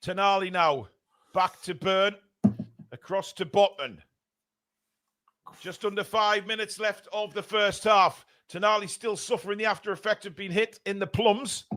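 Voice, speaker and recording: A man with a high, voice calls the match live for fellow fans. He is excitable, bursting into shouts on attacks and slipping into sweary, jokey banter with his co-host. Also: normal speed. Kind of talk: fan watchalong commentary.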